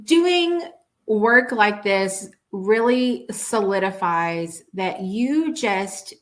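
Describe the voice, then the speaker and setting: A woman's voice: mid-range voice, animated, drawn-out words. Chatty, earnest woman hosting a live show. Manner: chatty, warm, earnest, with many restarts. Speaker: show host. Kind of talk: casual storytelling on a live show.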